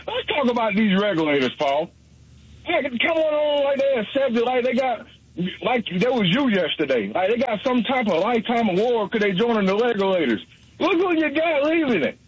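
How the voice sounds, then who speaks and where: A man's voice: extremely high pitch, husky, no room sound. A man from South Carolina calling in to a radio talk show, teasing and roasting the host in casual banter. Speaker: caller. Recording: dull lo-fi phone call audio.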